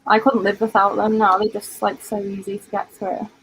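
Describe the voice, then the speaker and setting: A woman's voice: medium pitch, flat delivery, moderate pace, slight background noise, poor audio. A British woman in her twenties hosting a casual livestream, chatty and full of "like" and "um" as she reads out comments. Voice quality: chatty, filler-heavy, often says "like". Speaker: livestream host.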